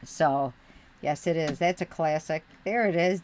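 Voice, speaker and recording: A woman's voice: low voice, measured pace, darkish tone. Woman, middle-aged, Western New York accent with a Midwestern touch, casual live-stream chat, rambling, mutters to herself, desk mic. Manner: rambling, talks to chat, muttering while searching.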